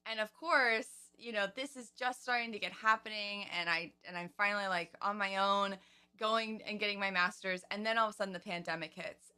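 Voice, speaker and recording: Guest singer, woman in her twenties, bright voice, chatty and heartfelt. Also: mid-range voice, fairly even intonation, brisk, clear, resonant tone. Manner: chatty, emotional storytelling with quoted asides. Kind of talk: casual interview.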